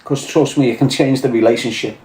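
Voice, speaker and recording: A Scouse man holds forth in a loose, crude chat, swearing freely and telling boastful stories in a swaggering tone. His voice sits at a middling pitch. The recording has a noticeable roomy echo. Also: fairly even intonation, brisk, darkish tone. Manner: profane, blunt, swaggering storyteller. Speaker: livestream host reading chat.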